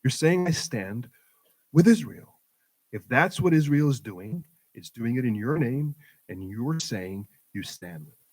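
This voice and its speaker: A middle-aged man speaks with passion to a gathered community at a mosque event. His voice sits at an ordinary pitch for a man. He drives his points home through repeated phrases, pushing up and dropping back for emphasis. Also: expressive, unhurried, darkish tone. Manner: emphatic, rhetorical repetition, rising and falling for emphasis. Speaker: guest speaker at community program. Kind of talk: impassioned public talk to a community audience.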